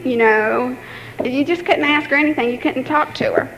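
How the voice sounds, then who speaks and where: A young woman telling a personal story in a halting way, with many fillers and restarts. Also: fairly high pitch, fairly even intonation, fairly bright tone. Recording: echoey room with faint background hiss.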